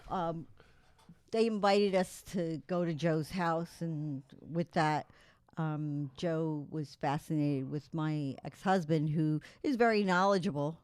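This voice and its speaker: Lady, low voice, chatty and laughing through her stories, dry sound. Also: slow, clear, resonant tone, no echo. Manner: animated, laughing anecdotes. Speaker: guest. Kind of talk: casual storytelling chat.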